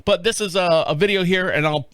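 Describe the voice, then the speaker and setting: A man hosting a podcast, commenting on news clips in a joking, animated way. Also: sits high, a little fast, clean tone, no echo. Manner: joking, animated, laughs often. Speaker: podcast host.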